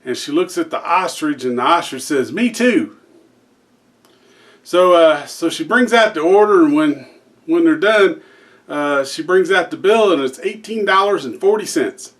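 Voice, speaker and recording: A man tells a long joke in a relaxed, rambling way, restarting lines and filling pauses. His voice sits on the higher side for a man. He talks like a regular joke-channel host. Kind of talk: casual spoken joke telling.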